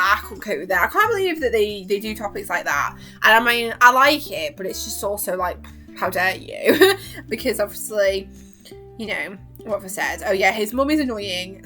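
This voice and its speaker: A young woman chatting casually as a vlogger, excitable and gushing, laughing often and acting out lines. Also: mid-range voice. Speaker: vlogger reviewing a TV season. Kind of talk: casual chat.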